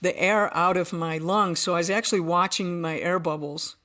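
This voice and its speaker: A woman's voice: lowish voice, steady tone, normal speed, a bit bright. Earnest woman recounting a vivid story. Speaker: podcast guest. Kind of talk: telling a personal story in conversation.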